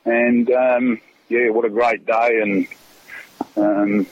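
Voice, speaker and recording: A man's voice: mid-range voice, flat delivery, slow pace, lo-fi sound. A middle-aged Australian man, a former footballer, casually telling a rambling story full of fillers and restarts. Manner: rambling, laughs often, many fillers and restarts.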